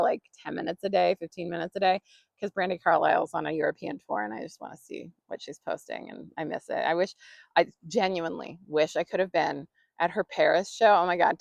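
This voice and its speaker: A woman's voice: on the low side, vocal fry, dry recording. A woman hosting her own podcast, talking casually and rambling with lots of fillers. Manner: chatty, rambling, many fillers and laughs. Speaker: podcast host. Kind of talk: casual solo podcast monologue.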